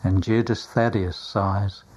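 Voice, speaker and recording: A man reading a religious story aloud in a grave, measured manner. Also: on the low side, steady tone, a little mellow, breathy edge. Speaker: narrator. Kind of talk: scripted religious narration, audiobook reading.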